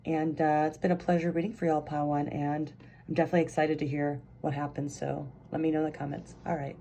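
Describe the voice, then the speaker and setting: Chatty, excitable woman reading tarot. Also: deep voice, quick pace, gravelly, slight background noise. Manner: chatty and excitable, rambling with many fillers. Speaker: tarot reader. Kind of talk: casual pick-a-card tarot reading.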